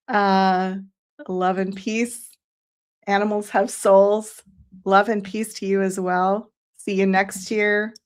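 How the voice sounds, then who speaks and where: Woman host on a live stream, slow and effusive, reads comments aloud and thanks each viewer. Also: mid-range voice. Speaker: psychic show host.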